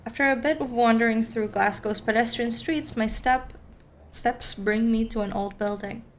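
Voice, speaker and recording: Woman streamer, slightly high voice, chatty rambling asides, reading a game aloud, faint hum. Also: fairly even intonation, normal speed.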